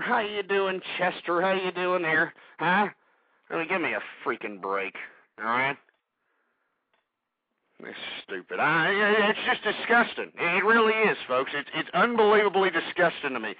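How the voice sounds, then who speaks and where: Irate talk-radio host, high-pitched, dry lo-fi broadcast audio. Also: male voice, breathy edge, no echo. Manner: ranting, combative, repeats himself. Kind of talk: angry call-in radio commentary.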